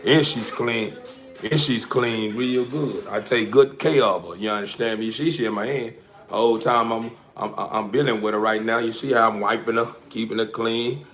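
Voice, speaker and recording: A man's voice: lowish voice, steady tone, a little fast, fairly bright tone, soft background music. A man who breeds dogs, chatting loosely to viewers on a livestream, full of slang and fillers. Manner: loose, rambling slang-heavy talk with many fillers. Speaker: dog breeder. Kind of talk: casual livestream chat.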